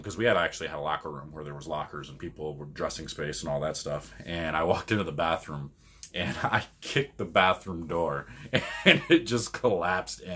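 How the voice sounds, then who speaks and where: A man from Michigan, a podcast co-host, rambling through casual stories and laughing often. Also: low voice. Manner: rambling, laughs often, animated when retelling arguments. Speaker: podcast co-host and pro bowler. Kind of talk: casual storytelling.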